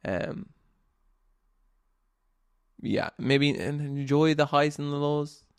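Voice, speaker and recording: A man's voice: fairly high pitch, slow, creaky, smooth. A young man hosting a solo podcast, telling stories in a rambling, casual way, swearing freely and laughing often. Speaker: podcast host.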